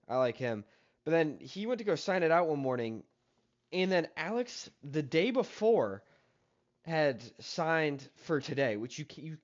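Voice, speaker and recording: A man's voice: fairly high pitch, dull audio. A young man telling a casual story about a coworker in a rambling, exasperated way, with plenty of swearing. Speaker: story-time vlogger.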